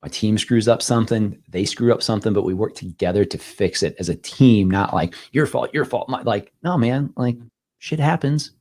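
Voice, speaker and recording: A man's voice: fairly low pitch, normal speed, a little mellow. A man on a podcast talking bluntly and emphatically, with some swearing. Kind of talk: casual podcast talk.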